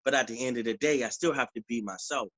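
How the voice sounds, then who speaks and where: A man, an author and preacher, talking casually in an interview, with relaxed slang and frequent "you know what I'm saying". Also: mid-range voice, fast, no room sound, low-quality recording.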